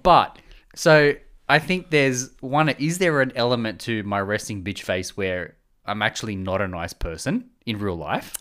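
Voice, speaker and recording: A man's voice: lowish voice, unhurried, a bit bright. A man chatting casually as a podcast co-host, laughing often and questioning himself. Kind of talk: casual chat.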